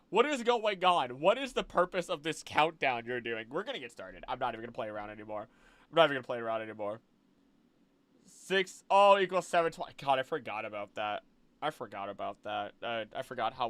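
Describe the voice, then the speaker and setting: A young man with a medium-pitched voice chats casually with his live-stream audience, animated and exclaiming, often breaking into laughter.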